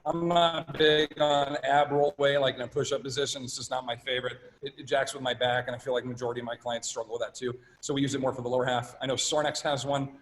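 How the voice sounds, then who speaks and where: A man's voice: medium pitch, flat delivery, fast talker, few pauses, slight background noise. A man presenting at a fitness workshop and answering questions in a casual, conversational way. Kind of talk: live workshop talk and Q&A. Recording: long reverb in a large room.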